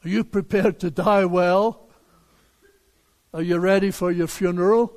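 An older male pastor preaches slowly and deliberately, his voice sitting high for a man. He leans on rhetorical questions, and each phrase rings out in a large church hall with a long reverb. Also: fairly even intonation, darkish tone. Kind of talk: sermon.

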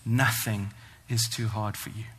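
A man preaching a sermon, earnest and emphatic, slowing down to stress the scripture he reads. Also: lowish voice, level tone, a bit bright. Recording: long hall reverb.

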